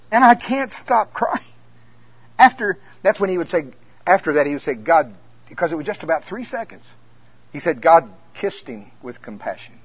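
Male preacher, storyteller who drops quiet then builds loud, muffled lo-fi audio. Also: sits high, slightly rough, no echo. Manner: storytelling, swings from hushed to loud. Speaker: minister. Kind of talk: conference sermon. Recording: dull lo-fi sound.

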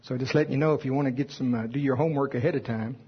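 Husky preaching man, dull recording. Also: medium pitch, steady tone, racing. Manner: preachy, emphatic, quotes scripture in old wording. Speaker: pastor. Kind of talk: sermon.

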